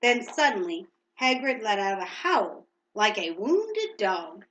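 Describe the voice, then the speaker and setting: A woman's voice: a little high, big pitch swings, a little slow, fairly bright tone, reverberant, rough recording. A woman reading a storybook aloud to a child at home, reading steadily and stopping now and then to ask questions.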